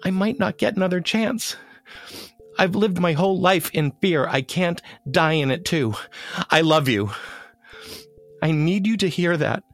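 A man narrating his own story in a halting, emotional way, stammering and repeating words. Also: high voice, lively intonation, faint music behind. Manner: emotional and urgent. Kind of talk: scripted memoir narration.

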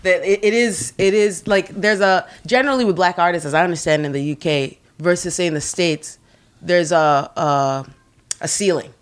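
Lively woman podcast guest, low voice. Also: normal speed. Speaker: podcast guest, writer and producer. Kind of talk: casual chat.

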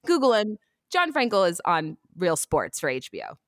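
A young woman, a guest in an interview, telling a story in an animated way and acting out the people she quotes. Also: on the low side, normal speed, no room sound, clean studio sound. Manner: animated, acts out quoted voices.

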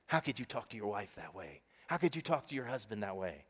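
A male pastor preaching a sermon to a congregation, animated and emphatic, calling out to the people. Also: fairly low pitch, a little fast, slightly rough, big-room sound. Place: church stage before a congregation.

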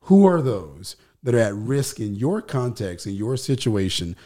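A man's voice: on the low side, very animated, a little slow, dark tone. A male pastor, a guest on the show, teaching scripture in conversation. He talks in an emphatic, preacherly way and builds his points through repetition.

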